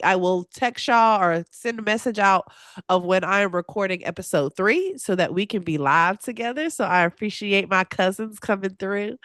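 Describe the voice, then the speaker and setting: A woman hosting a solo podcast in a casual, chatty way, talking straight to her listeners with lively, expressive swings in her voice. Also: no echo, studio quality. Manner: animated and expressive, with big pitch swings; chatty and confiding, addresses listeners directly. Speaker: podcast host.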